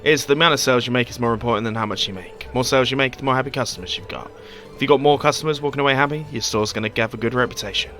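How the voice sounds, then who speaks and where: A man's voice: medium pitch, rapid-fire, few pauses, sharp tone, faint music behind, close to an everyday voice. A man doing a folksy Scottish-style merchant. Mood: friendly. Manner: folksy put-on Scottish-style lilt, with "wee" and "aye". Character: chatty middle-aged male market merchant, a father.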